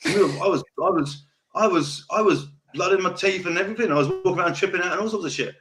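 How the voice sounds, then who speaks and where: Fast-talking, sweary South London man. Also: sits high. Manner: rambling, sweary, repeats himself. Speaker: podcast host. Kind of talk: casual chat.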